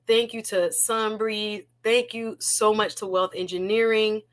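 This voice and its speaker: A woman's voice: mid-range voice, fairly even intonation, measured pace. Emotional woman hosting a livestream. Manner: emotional, laughing often, repeats herself. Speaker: livestream host. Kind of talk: casual livestream chat.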